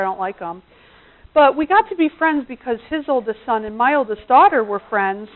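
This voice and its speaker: A middle-aged woman giving a seminar talk in a chatty way, acting out quotes with sudden loud high bursts. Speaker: seminar presenter. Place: seminar room. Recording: tinny phone-like sound.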